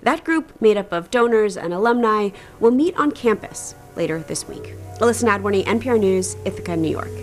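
A woman's voice: medium pitch, lively intonation, a little fast, hardly any pauses, faint music behind. Woman reading a radio news report.

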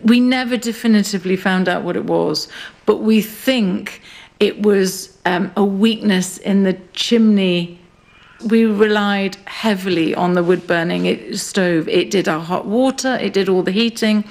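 A middle-aged woman, a farmer and writer, recalling events slowly and reflectively in a radio interview, recorded outdoors on a hill farm. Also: mid-range voice, gravelly, a little mellow. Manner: slow, reflective storytelling.

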